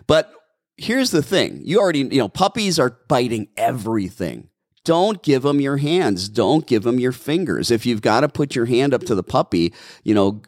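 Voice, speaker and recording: A man's voice: lowish voice, no echo, studio quality. A man, a dog trainer, answering viewer questions in a direct, coaching way and repeating key instructions.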